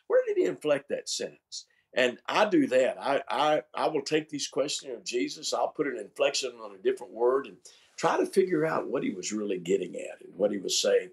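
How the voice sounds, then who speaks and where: Animated older man, pastor. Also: medium pitch, a little fast. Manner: animated, emphatic storyteller who repeats words. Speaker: pastor and seminary chancellor. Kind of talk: conversational interview.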